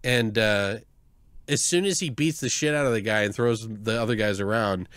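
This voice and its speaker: A man's voice: on the low side, normal speed, a bit bright, no echo, clean studio sound. A man co-hosting a podcast, reviewing a movie in casual chat. He rambles, swears, laughs often and mimics the characters. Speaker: podcast co-host.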